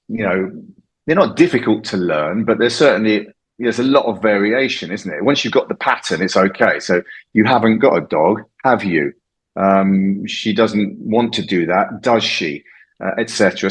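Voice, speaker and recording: A man's voice: lowish voice, poor audio. A middle-aged man from England, an English teacher, chatting casually and explaining slang, laughing often. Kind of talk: casual chat about slang.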